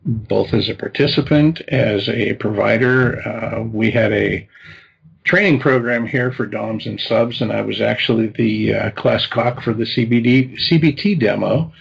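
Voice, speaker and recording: A man in his fifties, a medical advisor guest, talking in a relaxed, rambling way. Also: fairly low pitch, unhurried, creaky, slightly rough. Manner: relaxed, rambling, with many fillers. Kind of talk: casual interview chat. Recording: dull lo-fi call audio.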